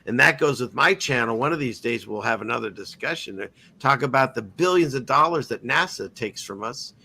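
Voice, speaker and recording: A man's voice: medium pitch, expressive, fairly quick, sharp tone, breathy edge. A man hosting a casual online talk show, rambling through a story with frequent restarts and easy laughter. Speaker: podcast host. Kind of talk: casual chat.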